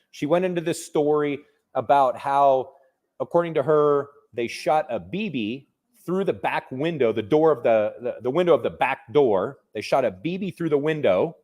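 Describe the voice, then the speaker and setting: A man's voice: a little high, a little mellow. Man telling a story, conversational. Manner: conversational, restarts and fillers, vivid retelling. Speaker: real estate investor. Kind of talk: casual personal storytelling.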